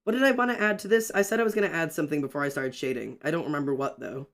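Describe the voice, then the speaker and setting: A young man chatting excitedly on a livestream while drawing, ranting and greeting his chat. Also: on the high side, very fast.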